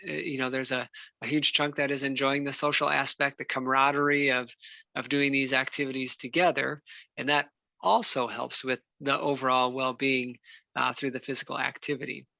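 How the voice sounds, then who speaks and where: A man, a physical therapist giving a relaxed, unscripted health talk full of fillers and restarts. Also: medium pitch, brisk, creaky, no room sound. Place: church hall.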